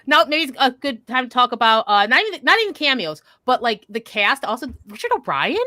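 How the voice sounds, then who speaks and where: A woman's voice: on the high side, very animated, fairly quick, sharp tone, no room sound. A woman co-hosting a podcast in casual chat, steering the talk and laughing often. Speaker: podcast co-host. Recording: dry close mic.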